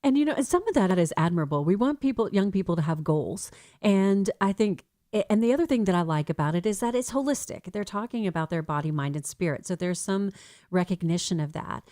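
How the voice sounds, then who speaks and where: A middle-aged American woman hosting a faith-based radio talk show, speaking in a casual, animated way. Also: mid-range voice, a little fast, no room sound, studio quality. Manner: animated, mimics ads in a sing-song voice.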